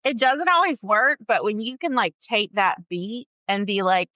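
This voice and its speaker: A woman talking casually as a podcast guest, chatty and quick to laugh, with lots of "like" in her speech. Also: medium pitch, sing-song, bright, forceful tone, no room sound, highs cut off. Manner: chatty, laughs often, fillers like "like". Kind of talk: casual chat.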